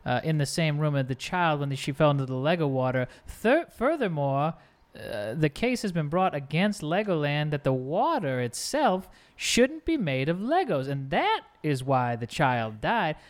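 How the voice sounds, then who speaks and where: A man's voice: fairly high pitch, sing-song, moderate pace. A man doing a rambling drawling lawyer. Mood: pompous. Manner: rambling, hesitant, stumbling courtroom argument. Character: fast-talking male defense lawyer. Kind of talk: improv comedy.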